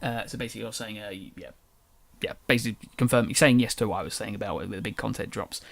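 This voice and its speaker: A man's voice: on the low side, fast talker, vocal fry. A young man with a casual English accent that drops its T's, hosting a solo podcast in a rambling, chatty way that keeps correcting itself. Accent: English, dropped T's. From England. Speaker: podcast host.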